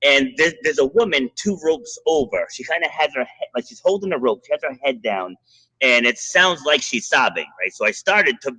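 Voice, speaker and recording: Man, podcast host, forceful, husky, telling a casual coaching anecdote with chuckles. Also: mid-range voice, expressive, moderate pace, rough recording. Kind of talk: casual storytelling.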